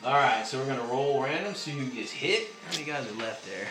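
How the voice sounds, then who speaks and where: Man, game master, tabletop wargame, counts dice aloud, excitable, roomy echo. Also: medium pitch, fast. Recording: echoey room with music behind.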